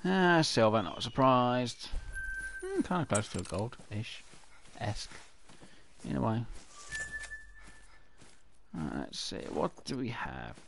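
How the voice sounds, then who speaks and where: A man's voice: medium pitch, big pitch swings, slow, creaky, long pauses, background noise. A man chatting to himself over gameplay, rambling and answering his own questions in silly voices. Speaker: gaming channel host. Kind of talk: casual gameplay commentary.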